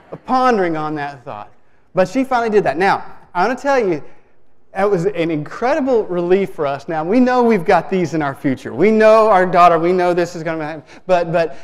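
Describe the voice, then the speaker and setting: A man preaching a sermon, telling a story in a relaxed, conversational way with many restarts. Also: high voice. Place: church sanctuary. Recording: long reverb of a church hall.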